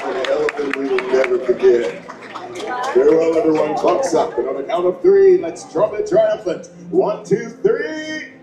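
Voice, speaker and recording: Showy, lively man playing a group leader. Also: a little high, moderate pace, a loud crowd, heavy background noise, close to an everyday voice. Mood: announcing. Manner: announcing, hamming up introductions. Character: proud playful male group leader. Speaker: show performer and group leader. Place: large theater with a live audience. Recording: roomy, distant stage recording with music.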